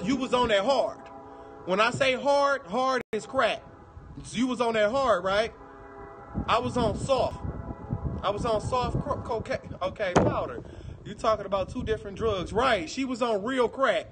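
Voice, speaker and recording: A man's voice: extremely high pitch, expressive, normal speed, background noise. A man with a Detroit accent doing a livestream, chatting with viewers in a brash, profane, teasing way. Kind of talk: casual livestream chat.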